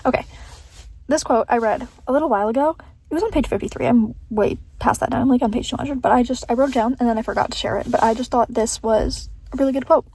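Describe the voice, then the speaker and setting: A woman's voice: fairly high pitch, mellow, slightly rough. Chatty young woman book vlogger. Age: young adult. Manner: chatty and rambling, quick to laugh, earnest. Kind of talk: casual reading vlog chat.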